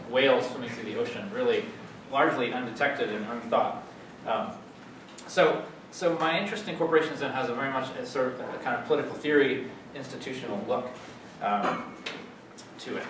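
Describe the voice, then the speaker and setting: Man lecturing in an echoey hall. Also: mid-range voice. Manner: halting, many fillers and restarts. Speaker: guest lecturer. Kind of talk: academic lecture. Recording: echoey hall, distant mic, noisy.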